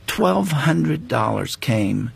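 On a faith-focused interview program, an older male guest recounts a personal story with earnest reflection and many pauses and restarts. His medium-pitched voice swings widely in pitch, with vocal fry and a slight roughness.

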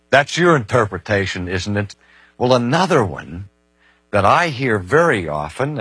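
A man's voice: lowish voice, a bit bright, husky, no room sound. A man giving a recorded Bible teaching lecture, posing mischievous rhetorical questions and pressing his points with emphasis.

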